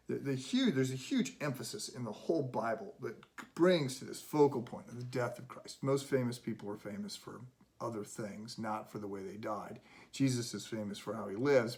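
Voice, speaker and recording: A man's voice: medium pitch, a little mellow. A middle-aged male pastor giving an earnest, conversational devotional sermon, often restarting his words.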